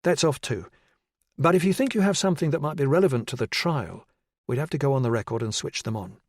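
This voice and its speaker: A male audiobook narrator voicing a woman detective chief inspector, brisk and direct in an interview room. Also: mid-range voice, darkish tone, pitched above the performer's own voice, lightly acted. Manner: crisp, businesslike questioning.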